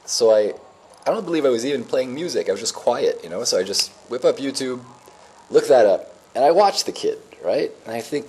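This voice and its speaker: A man's voice: medium pitch, sing-song, moderate pace, darkish tone, breathy edge. A man in his forties telling a rambling, emotional personal story in a reflective, spiritual way. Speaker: vlogger.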